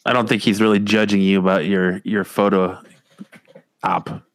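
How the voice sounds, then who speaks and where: A man's voice: low voice, flat delivery, moderate pace, vocal fry. A man co-hosting a casual podcast chat, chiming in with dry jokes.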